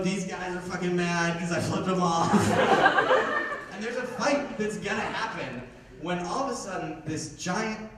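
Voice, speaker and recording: A young man performs stand-up in a small theater, telling his story with deadpan timing and slipping into the voices of its characters. His voice is fairly high and swings widely in pitch. The recording is distant and very echoey, with loud laughter from the crowd. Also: heavy background noise. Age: young adult. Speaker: stand-up comedian. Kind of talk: stand-up comedy set. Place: small theater with a live audience. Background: audience laughter.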